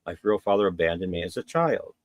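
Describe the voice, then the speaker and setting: A man's voice: brisk, no echo, lo-fi sound. A middle-aged man telling a personal story as a podcast guest, candid and rambling, voicing quotes of others. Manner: candid, rambling, acts out quotes with raised pitch.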